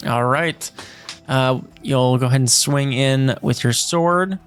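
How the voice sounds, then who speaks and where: Male game master, mid-range voice, easygoing and halting, faint music behind. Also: mid-range voice, clear, resonant tone. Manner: relaxed, hesitant, lots of fillers while ruling. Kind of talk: narrating a tabletop game.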